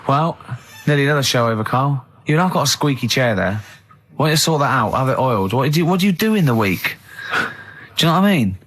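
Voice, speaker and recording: A man, hosting a radio show with teasing, animated banter and long stories. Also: mid-range voice, quick pace. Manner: teasing, mocking, animated storyteller. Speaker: radio host. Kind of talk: casual studio banter. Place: radio studio.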